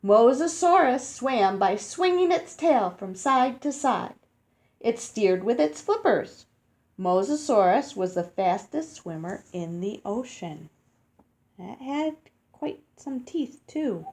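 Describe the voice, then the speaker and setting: Lively woman reading a children's book. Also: fairly high pitch. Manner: explains words and asks children questions as she reads; slow and careful, sounding out hard names.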